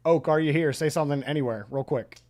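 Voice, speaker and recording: An esports caster with a slightly high, darkish voice talks fast as he chats and gives play-by-play commentary on a live video game match.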